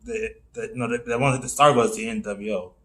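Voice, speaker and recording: Male podcast co-host, average pitch, quick to interrupt and push back. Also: big pitch swings, a bit bright. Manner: interjecting, argumentative, quick to cut in. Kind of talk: casual podcast chat.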